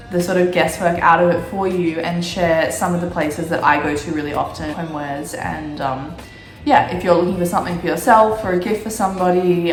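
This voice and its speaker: Croaky-voiced woman vlogger with a cold. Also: on the low side, reverberant. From Australia. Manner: chatty, lots of fillers. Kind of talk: casual chat.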